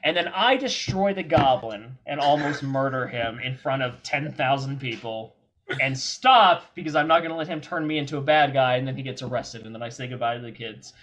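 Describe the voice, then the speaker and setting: A man telling stories as a podcast guest, animated and freely cursing. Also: mid-range voice. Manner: animated, profane, quick anecdotes. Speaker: guest filmmaker and performer. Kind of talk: casual storytelling.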